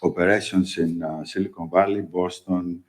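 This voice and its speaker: A man speaks in a very low voice, answering questions on a panel as a company executive. He talks haltingly, full of fillers, and drives his points home with tags like "okay?". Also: fairly even intonation, rough recording. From Greece.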